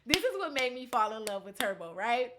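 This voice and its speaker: A woman telling stories to camera in a casual, animated way, laughing often. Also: on the high side, fairly quick, noisy background. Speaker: vlogger.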